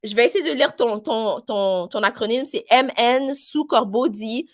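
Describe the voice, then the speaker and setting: A woman whose voice is a little high speaks at a normal speed on her easygoing live stream, reading viewer comments. Her Québécois French accent comes through as she rambles chattily, full of fillers.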